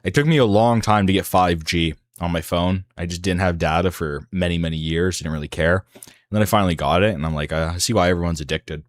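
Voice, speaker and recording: Deep-voiced rambling livestream host, man. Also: no room sound, studio quality. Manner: rambling, halting, many fillers and restarts. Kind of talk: casual livestream monologue.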